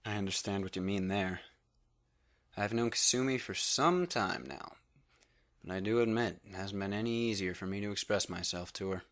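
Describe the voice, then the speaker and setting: A performer voicing a shy, kindly male doctor who speaks gently and bashfully. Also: sits low, normal speed. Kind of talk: fan radio play acting.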